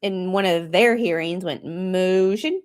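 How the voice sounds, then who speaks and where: A woman's voice: mid-range voice, lively intonation, normal speed. Snarky lady co-hosting a stream, laughs a lot, voice jumps all over. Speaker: stream co-host. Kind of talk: casual snarky commentary.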